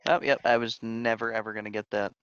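A man's voice: lowish voice, steady tone, fast, fairly bright tone, clean tone, no echo. A man reading aloud hesitantly as a student in an online language class. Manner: hesitant, unsure. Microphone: video call. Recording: muffled video call audio.

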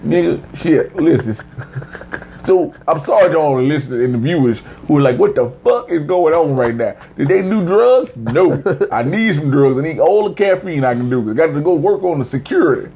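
A man co-hosting a casual, profane TV episode review, joking loudly and slipping into mock voices. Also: on the high side, lively intonation, moderate pace, gravelly. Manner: loud joking, slips into mock voices and song.

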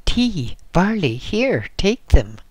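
A man voicing a huge, boisterous Tibetan trader who bellows and booms in a slow story reading. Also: fairly bright tone, dry recording. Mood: bawling. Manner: bellowing, booming.

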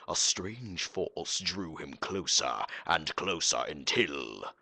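A man's voice: extremely low pitch, creaky, pushed and bright, no room sound, voice pushed down, full character voice. A man putting on a solemn epic narrator. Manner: dramatic, slow storytelling. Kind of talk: live game playthrough.

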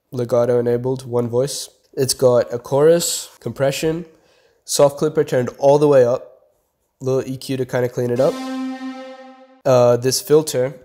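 A relaxed young man with a dark, mellow tone talks through a beat he made, tutorial style. He explains each step loosely and leans on casual filler words, with a track playing faintly beneath him. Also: medium pitch. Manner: laid-back, explains step by step with fillers like "kinda" and "like". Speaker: beat producer teaching a tutorial. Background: beat playing faintly under the voice.

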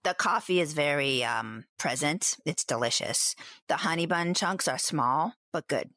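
A woman's voice: low voice, animated, a little slow, fairly bright tone, no echo, clean studio sound. A woman co-hosting a podcast, chatting playfully as she taste-tests ice cream flavors and describes each one. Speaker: podcast co-host. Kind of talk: casual chat, live taste test.

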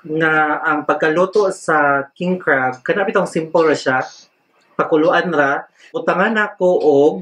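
Slow-talking Filipino man in his thirties. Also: a little high, fairly bright tone, a little hiss or hum, rough recording. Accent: Filipino (Cebuano). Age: 30s. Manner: switches between English and Cebuano, eager. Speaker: vlogger. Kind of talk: mukbang vlog. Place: at home.

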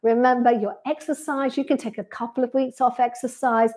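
Pilates teacher, higher-pitched woman. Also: little pitch movement, brisk, darkish tone. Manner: friendly, reads out viewer comments and replies to each. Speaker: pilates instructor. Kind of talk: chatty live-stream Q&A after class. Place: sunny room indoors.

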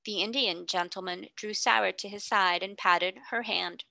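A woman narrating a classic novel aloud in a clear, steady storytelling manner. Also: mid-range voice, moderate pace, hardly any pauses, no room sound. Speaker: reader. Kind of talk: audiobook narration.

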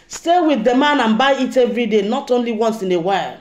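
A woman's voice: fairly high pitch, animated, quick pace. A middle-aged woman with a Nigerian accent, giving an emphatic, rambling spiritual monologue to camera as a vlogger. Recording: echoey room.

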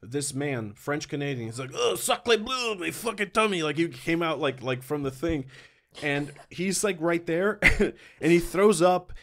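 A man with a slightly higher-pitched voice tells a rambling story in a casual chat. He swears freely, laughs in the middle of his sentences, and slips into voices to quote people. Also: unhurried. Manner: does animated voices when quoting people. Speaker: podcast guest.

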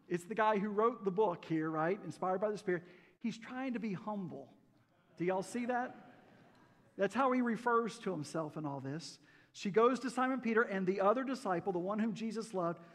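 A man's voice: high-pitched, expressive, normal speed. A man preaching a sermon in a folksy, joking way and asking the congregation questions. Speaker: pastor. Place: church sanctuary. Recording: church hall reverb.

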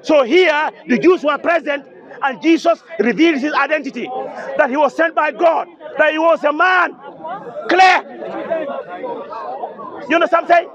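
A man's voice: very high voice, fairly quick, a bit bright. A man debating religion at an outdoor speakers' corner, insistent and repetitive, citing verses emphatically. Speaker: street debater. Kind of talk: open-air religious debate. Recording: dull outdoor recording with crowd. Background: crowd noise.

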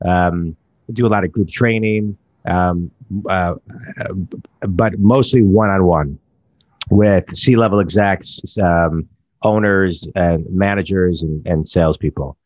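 A man's voice: low-pitched, takes it slowly, a little mellow, dry recording. A man talking as a business coach in a casual podcast conversation, rambling and restarting his phrases.

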